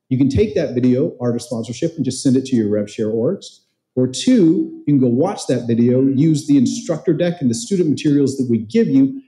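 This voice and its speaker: In a roomy, echoing event hall, a conference speaker who trains people in real estate gives a motivational talk in a warm, mid-range voice. He's conversational, quizzes the crowd, and tells stories along the way.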